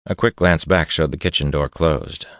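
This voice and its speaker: Male audiobook narrator, extremely low voice, measured and steady, dry booth sound. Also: no echo. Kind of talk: scripted fantasy narration.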